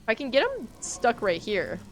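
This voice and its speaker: A woman streams a game live and chats with her viewers, jumpy and quick to swear. Her voice sits a little high and swings widely in pitch. A faint hiss of noise runs underneath. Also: huge pitch swings. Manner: jumpy, swears, talks to chat while playing. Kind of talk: live gaming stream chat.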